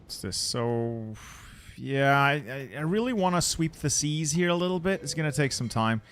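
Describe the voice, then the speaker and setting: A man's voice: a little high, moderate pace, a little hiss or hum. Man streaming, thinking aloud while playing. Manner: thinking aloud, relaxed, repeats words while planning. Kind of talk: live-streamed strategy game commentary.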